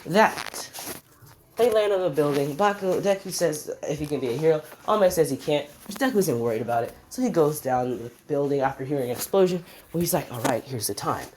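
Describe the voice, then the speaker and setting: A woman's voice: low-pitched, animated, brisk, a little mellow, slight background noise. A woman casually improvising a fan story, rambling with restarts and swearing.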